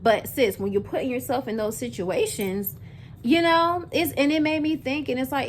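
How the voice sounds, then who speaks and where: Her voice sits high and moves at normal speed as this twenty-something woman chats casually to camera for her vlog. She uses plenty of fillers and speaks directly to viewers as "y'all," with a slight hiss or hum underneath.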